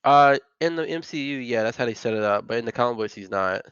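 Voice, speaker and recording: A man's voice: medium pitch, animated, fast, fairly bright tone, clean tone, no echo, lo-fi sound. Rambling man hosting a casual podcast. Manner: rambling, full of filler words. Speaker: podcast host.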